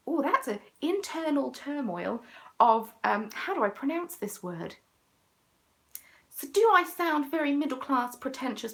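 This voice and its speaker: A young woman with an English accent, chatting casually and playfully as a crafting vlogger, often muttering asides under her breath. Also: high voice. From England. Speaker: crafting vlogger hosting a chat. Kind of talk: casual chat.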